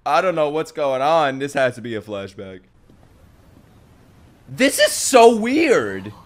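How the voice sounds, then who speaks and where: Excitable young man reacting loudly. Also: on the high side, slow pace. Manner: loud excited outbursts and laughter, swearing. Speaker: anime reaction YouTuber.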